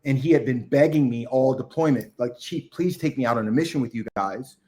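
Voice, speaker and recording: A middle-aged man, a retired military chief, telling a combat story as a podcast guest, acting out the shouted orders. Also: medium pitch, brisk. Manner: animated war storytelling, acts out shouted quotes. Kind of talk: casual storytelling interview.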